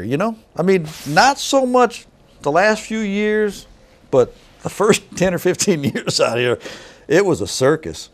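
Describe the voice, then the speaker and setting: A man's voice: high-pitched, sing-song, unhurried. A middle-aged man working as a weigh station inspector, telling stories in a folksy, casual way and acting out the dialogue. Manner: folksy, acts out dialogue in others' voices. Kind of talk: casual storytelling.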